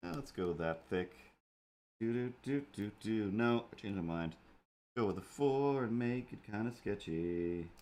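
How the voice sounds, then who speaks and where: A man's voice: on the low side, lively intonation, a little slow, a little mellow. A man hosting a live drawing stream, chatting casually and mumbling playful asides to himself as he works. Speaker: live-stream artist host. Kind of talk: rambling live-stream chat while drawing.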